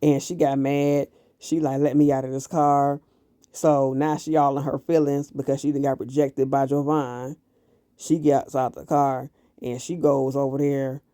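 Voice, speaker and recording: A man recapping a TV series episode in casual, animated commentary, blunt and full of profanity. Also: mid-range voice, measured pace, smooth, dry recording, clean studio sound. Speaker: TV show reviewer.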